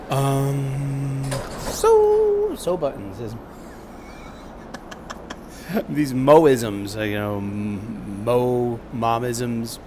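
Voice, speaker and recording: A middle-aged man vlogging on a subway train, talking candidly in a rambling monologue with joking asides. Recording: loud rumbling train noise. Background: subway train and announcements.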